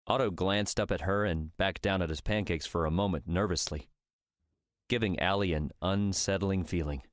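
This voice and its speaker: A man narrates an audiobook in a steady, even reading. His voice is very low. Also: moderate pace, no room sound, clean studio sound. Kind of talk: scripted narration.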